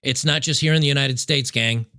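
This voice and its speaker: A man hosting political commentary, reacting to news clips in an emphatic, sarcastic way and repeating key points slowly. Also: mid-range voice, steady tone, creaky, pushed and bright, clean tone.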